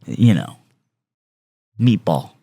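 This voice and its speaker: A man playing in a tabletop role-playing game, teasing the others with a drawn-out delivery. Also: low-pitched, big pitch swings, vocal fry, mellow. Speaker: player. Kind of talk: casual tabletop game chat.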